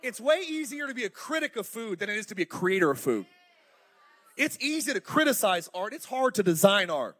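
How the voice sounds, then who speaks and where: A middle-aged male pastor preaching a fiery, animated sermon in a church auditorium, calling out to the congregation. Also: high-pitched, a little fast. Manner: fiery, animated preaching with crowd call-outs.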